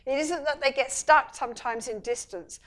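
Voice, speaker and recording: High-voiced woman giving a lively lecture. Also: moderate pace. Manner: animated storytelling, acting out dialogue. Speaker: couples therapist giving a public talk. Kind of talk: public lecture.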